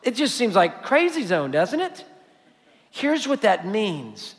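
A man's voice: high voice, very animated, slow. A man preaching a sermon as a pastor, emphatic and repetitive as he drives his points home. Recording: long hall reverb.

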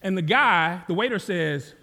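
A man's voice: sits high, animated, moderate pace, gravelly, pushed and bright, in a large hall. An American man, a campus pastor, preaching a sermon with easy storytelling that climbs into fervent calls to the congregation. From United States. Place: church sanctuary.

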